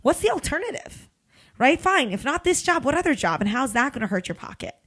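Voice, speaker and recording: A woman in her thirties hosting a podcast in a casual motivational monologue, emphatic and blunt, swearing freely with big swings in pitch. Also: very animated, a little fast, fairly bright tone. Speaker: podcast host and recruiter.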